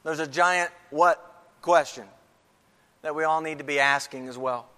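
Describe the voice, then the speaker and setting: A man's voice: fairly high pitch, fairly even intonation, measured pace, pushed and bright, clean tone. A man preaching a sermon, emphatic and repeating key phrases for stress. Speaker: pastor. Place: church sanctuary. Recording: long reverb of a large hall.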